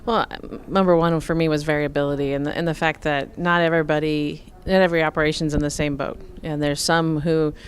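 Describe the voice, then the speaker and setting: A middle-aged woman from Nebraska answering interview questions about farm finances in a measured, explanatory way, with frequent fillers. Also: sits low, level tone, clean tone. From Nebraska, USA. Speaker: farm finance expert, guest.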